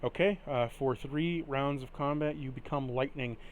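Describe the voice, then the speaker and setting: A man running a tabletop game as game master, making quick, casual rulings. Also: mid-range voice, a little hiss or hum.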